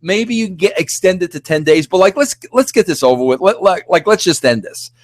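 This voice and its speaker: High-pitched, animated rambling man. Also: brisk, no room sound, studio quality. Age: middle-aged. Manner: excitable, rambling, lots of "like" and restarts. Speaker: podcast host. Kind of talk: animated solo rant.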